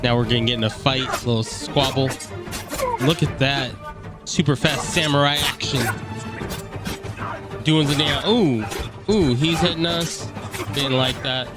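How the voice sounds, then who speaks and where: A man's voice: mid-range voice, measured pace, pauses often, loud music behind the voice. Jokey slang-talking gameplay commentator man. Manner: joking, slangy, mocking. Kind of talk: casual let's-play commentary.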